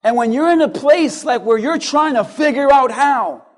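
A male pastor preaching a sermon, firing off strings of rhetorical questions and pausing for effect, moving between hushed and loud lines. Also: extremely high pitch.

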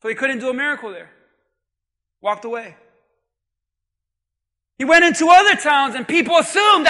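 A man preaches in an emphatic sermon style, often shouting and calling on the congregation to answer. His voice is high and piercing, and he delivers it slowly. The sound rings through a large reverberant hall. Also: animated. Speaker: pastor.

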